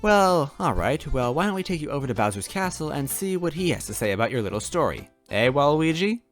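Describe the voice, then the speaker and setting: A man's voice: a little high, very animated, brisk, faint music behind, pitched above the performer's own voice. A man voicing a tough, bossy young female goomba police officer who talks in a smug, demanding way.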